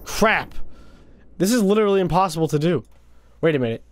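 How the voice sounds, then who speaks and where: Young male gaming host, high voice with lots of swing, excitable, gasps and taunts over gameplay. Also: a little fast, a little hiss or hum. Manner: excitable, gasping and exclaiming, playful taunts. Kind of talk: casual gameplay commentary. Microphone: desk microphone.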